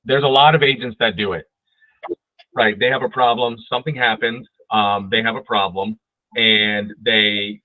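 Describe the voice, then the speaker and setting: A man's voice: fairly low pitch, fairly even intonation, normal speed, no room sound. A man teaching real estate agents in a training webinar over a video call, talking emphatically and often asking "right?". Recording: tinny phone-like dry audio.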